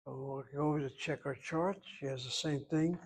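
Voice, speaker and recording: A man's voice: medium pitch, steady tone, a little fast, breathy edge. A man teaching a Hebrew grammar lesson, patiently explaining verb forms and careful pronunciation.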